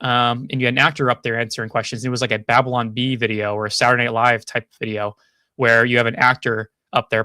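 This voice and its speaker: A man's voice: mid-range voice, sharp tone, dry recording, studio quality. A man hosting a casual commentary show, thinking aloud with frequent restarts and hedges. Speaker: podcast host.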